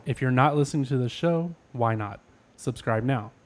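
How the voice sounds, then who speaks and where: A man's voice: mid-range voice, normal speed. Male podcast co-host reading reviews. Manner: reads listener reviews aloud and steers the show. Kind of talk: casual chat.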